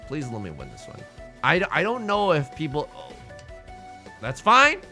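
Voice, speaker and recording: A man giving casual live-stream commentary on a game, animated, playful and self-mocking. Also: on the high side, a little fast, over music.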